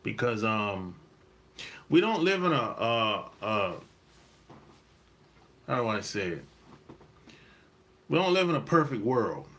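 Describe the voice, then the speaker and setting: Man, casual monologue, rambling, repetitive, bright tone, mid pitch. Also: takes it slowly, pauses often. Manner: relaxed, rambling, repeats himself, laughs often. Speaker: dating advice host.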